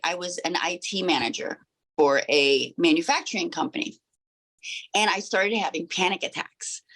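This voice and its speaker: A woman's voice: on the low side, fairly bright tone. A woman in her forties, a sound healer, telling her own story as an interview guest in an earnest, rambling way with many fillers and restarts. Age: 40s. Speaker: sound healer and crystal shop owner.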